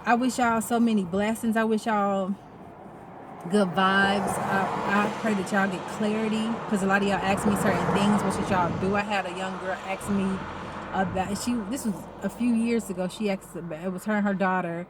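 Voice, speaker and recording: A woman talking casually in a vlog, rambling and animated and swearing freely. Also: mid-range voice, normal speed, heavy background noise. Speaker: vlogger. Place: outdoors.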